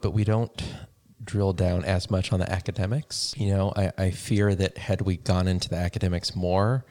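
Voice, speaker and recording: A man's voice: low-pitched, flat delivery, normal speed, dark tone. A man co-hosting a casual movie podcast, an educator talking things through in a thoughtful, reflective way. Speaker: podcast co-host.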